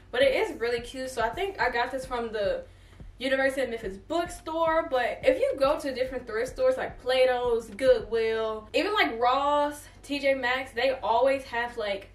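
A young woman chatting casually to her viewers in a try-on haul, animated and talkative. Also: on the high side, far from the mic. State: has hiccups. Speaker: fashion vlogger. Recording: echoey room, voice away from the mic, faint music.

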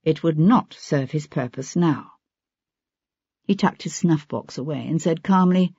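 An audiobook narrator reading a novel in measured, even scripted narration. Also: mid-range voice, slightly rough, no room sound. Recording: dull lo-fi audiobook recording.

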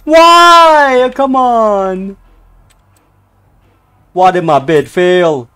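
Excitable young man streaming a racing game. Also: on the high side, a little slow. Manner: excitable, swings from mumbling to outbursts. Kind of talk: casual live-stream commentary.

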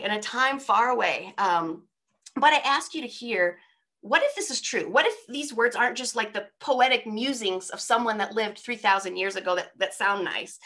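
Bright chatty woman preaching. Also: on the high side. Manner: chatty and informal, with frequent rhetorical asides. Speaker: speaker at a women's day church event. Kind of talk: conversational sermon. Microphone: speaking on a video call.

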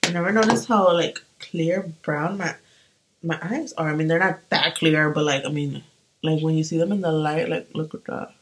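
A woman's voice: low voice, moderate pace, low-quality recording. Chatty young woman doing her makeup. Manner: chatty and animated, full of fillers. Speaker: beauty vlogger. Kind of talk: casual chat while doing makeup.

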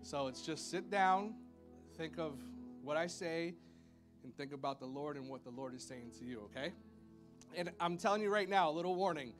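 High-voiced chatty man preaching. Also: normal speed, faint music behind. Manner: chatty and playful, lots of "y'all" and "like", with high playful sound effects. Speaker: pastor. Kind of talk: casual sermon. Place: church sanctuary with a congregation.

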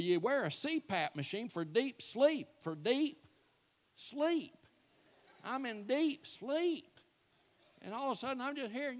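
A man, telling folksy, self-mocking comic stories at a church event. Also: sits high. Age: 60s. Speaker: church speaker. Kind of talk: comic storytelling to a live audience.

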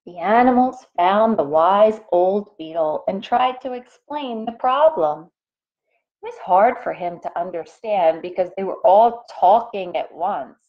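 Woman teacher reading to kids: slow, animated, patient explainer. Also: medium pitch, lo-fi sound. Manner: expressive, pauses to explain to young listeners. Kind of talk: reading a picture book aloud to children.

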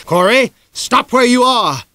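A man's voice: medium pitch, animated, takes it slowly, no echo. A man voicing a worried middle-aged male small-town mayor who pleads and hollers after a boy. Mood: hollering.

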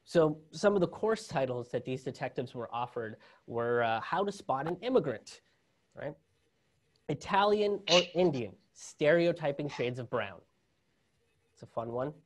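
A man's voice: on the high side, big pitch swings, normal speed. Man, stand-up comedian, sarcastic, laughs at own jokes.

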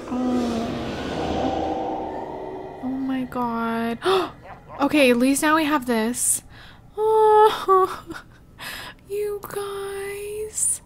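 A woman's voice: sits high, a little hiss or hum. A young woman giving emotional let's play commentary, gasping and exclaiming as she talks to her viewers.

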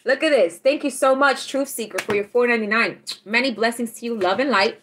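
A woman, chatting casually on a tarot livestream, teasing and animated, laughing often as she reads out chat. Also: fairly high pitch, fairly quick, slight background noise.

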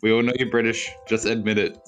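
A man's voice: on the low side, little pitch movement, fast, over music. A man chatting on a call during a game, cocky and trolling, laughing at his own jokes. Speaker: moderator and friend on call. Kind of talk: casual chat while gaming.

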